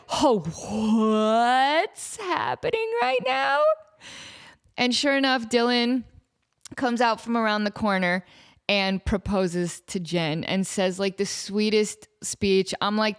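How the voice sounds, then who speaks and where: A woman in her thirties hosting her own podcast, telling a story in a chatty, animated way with lots of fillers and restarts. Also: fairly high pitch, clear, resonant tone. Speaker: podcast host. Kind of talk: casual solo storytelling.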